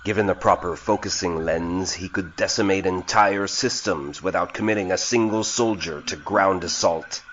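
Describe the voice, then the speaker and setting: A man voicing a lion-like feline noble in an audio drama, measured, formal and persuasive. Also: low-pitched, fairly bright tone, muffled recording, slight background noise. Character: lion-like male feline noble, calm diplomat. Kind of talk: indie audio drama acting.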